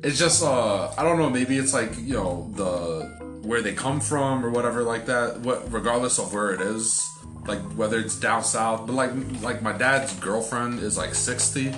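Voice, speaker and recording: A man's voice: mid-range voice, moderate pace, reverberant, over music. A man chatting casually as a podcast co-host, rambling with lots of fillers and swearing. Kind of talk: casual chat.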